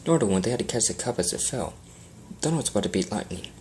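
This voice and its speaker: A man's voice: lowish voice, lively intonation, rapid-fire, a little mellow, slight background noise, rough recording. A man narrating fan fiction in a plain amateur reading style, with small slips.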